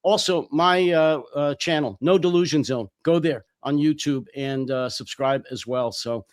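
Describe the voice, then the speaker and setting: A man's voice: fairly high pitch, measured pace, dry recording, clean studio sound. A man co-hosting a heated political talk show, blunt and angry, swearing, his voice worn from talking. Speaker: co-host.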